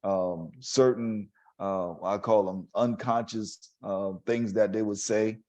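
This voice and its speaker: A man hosting a talk show, asking thoughtful, measured questions in a conversational way. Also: fairly low pitch, steady tone, darkish tone. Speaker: host.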